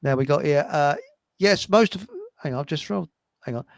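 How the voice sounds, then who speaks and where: A man's voice: on the high side, normal speed, vocal fry, dry recording. An older man hosting a casual radio chat, joking and laughing often. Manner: chatty, laughs often, jokey asides. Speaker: host.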